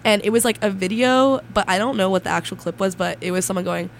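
A woman's voice: mid-range voice, fast talker, slight background noise. Giggly young woman co-hosting, stuffy nose. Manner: giggly, self-deprecating. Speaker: radio show co-host. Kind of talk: casual chat.

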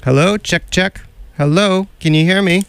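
A woman's voice: fairly low pitch, normal speed, loud music behind the voice. A woman hosting a playful homemade radio show, coaxing the children to talk. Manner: cheerful, coaxing, speaks to kids. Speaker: home radio show host.

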